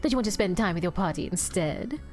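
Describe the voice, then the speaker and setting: A woman's voice: medium pitch, expressive, fast talker, faint music behind. A woman streaming a video game, reading its dialogue aloud and swearing at the screen. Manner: profane, loud outbursts at the screen. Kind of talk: casual game stream commentary.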